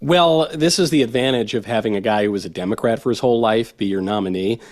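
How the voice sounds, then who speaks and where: A man's voice: on the low side, fast. A man who is a guest commentator on a talk show, wry and articulate. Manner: wry, articulate, mimics people he quotes.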